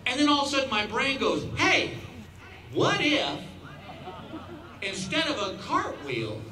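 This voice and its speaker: A man in his fifties telling a stand-up story on stage, animated and acting out voices as he laughs along. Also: very high-pitched, fairly quick. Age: 50s. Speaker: stand-up comedian. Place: outdoor stadium show. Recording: echoey stadium sound from far off. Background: crowd laughter and ambience.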